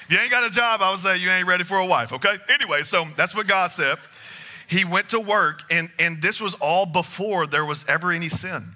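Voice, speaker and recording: Male pastor, higher voice with a very bright edge, conversational sermon delivery with playful asides. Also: fairly quick.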